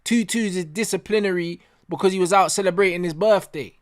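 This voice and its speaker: A man rants through a post-match reaction, his voice sitting high for a man. He speaks in street slang and repeats his complaints again and again for emphasis. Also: a little fast. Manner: ranting, heavy slang, repeats himself. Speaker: football fan channel host.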